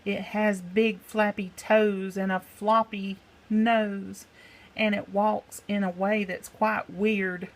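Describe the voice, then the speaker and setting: A woman's voice: mid-range voice, little pitch movement, takes it slowly. A woman voicing a boastful, cowardly male pirate chief in a storybook reading. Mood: blustering. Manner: blustering, then panicky yelps. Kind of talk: storybook read-aloud.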